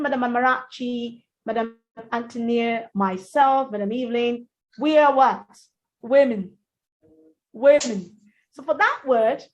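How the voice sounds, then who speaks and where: A woman teaching pronunciation in an online class, repeating words slowly and carefully for the students. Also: on the high side, muffled recording. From Nigeria. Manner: slow, drilled repetition of words. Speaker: diction teacher.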